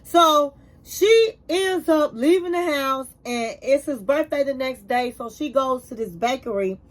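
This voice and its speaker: A woman's voice: sits high, unhurried. A woman giving a casual, chatty recap of a reality show. She tells the story with emphatic repetition and calls her viewers honey. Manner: emphatic repetition when reacting.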